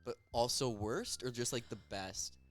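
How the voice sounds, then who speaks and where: A man's voice: medium pitch, soft background music. Easygoing young man hosting a podcast. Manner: easygoing, chatty, many fillers and quick reactions. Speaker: podcast host. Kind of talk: casual chat.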